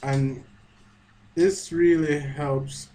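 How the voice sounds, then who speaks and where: A man's voice: a little high, steady tone, drawn-out words, mellow, a little hiss or hum, rough recording. A man giving a screen-recorded language lesson in a chatty way, correcting himself as he types. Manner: chatty, self-correcting, talks while typing. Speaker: language teacher. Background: faint keyboard typing.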